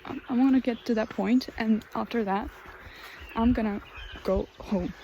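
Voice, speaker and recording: A woman's voice: on the high side, normal speed, warm tone, muffled recording, slight background noise. An eighteen-year-old woman vlogging casually outdoors in a forest, rambling and hesitant and sometimes dropping to a whisper. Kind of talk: casual chat.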